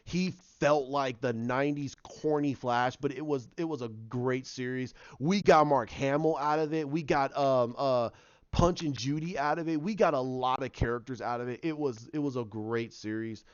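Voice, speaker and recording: A man in his thirties casually recapping a TV episode, telling it excitedly and acting out the characters' lines. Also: mid-range voice, moderate pace, clean tone, dry recording. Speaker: TV episode reviewer. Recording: dull, dry lo-fi sound.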